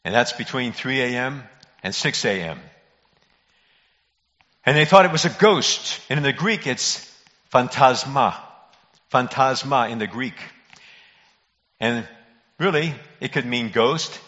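A man, a pastor, preaching a sermon in an earnest, emphatic way with dramatic pauses. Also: mid-range voice, animated, bright, forceful tone. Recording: muffled audio in a reverberant hall.

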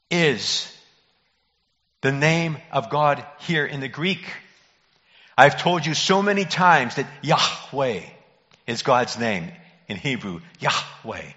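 A man, a pastor, preaching a sermon in an earnest, emphatic way with dramatic pauses. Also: mid-range voice, pushed and bright. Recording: muffled audio in a reverberant hall.

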